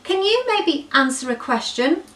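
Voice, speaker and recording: A woman's voice: sits high, sing-song, measured pace, a bit bright, echoey room, recorded from a distance, voice pushed up, exaggerated voice. A woman doing a curious little baby elephant. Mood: eager pleading. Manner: eager, insistent questioning.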